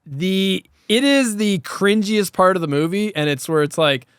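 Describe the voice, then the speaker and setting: A man co-hosts a casual podcast about horror films, speaking in a fairly high voice. He talks animatedly and swears freely. The recording is close and dry. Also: a little slow, clear, resonant tone, no room sound. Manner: animated, profane, laughs while talking. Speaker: podcast co-host. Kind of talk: casual horror film review chat.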